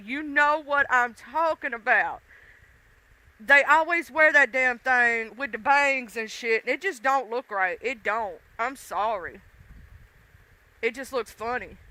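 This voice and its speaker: Blunt woman livestreamer, bright crisp voice. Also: sits high, measured pace, no room sound. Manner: blunt, profane, talks straight to chat. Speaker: livestream host. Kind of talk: casual chat with live viewers.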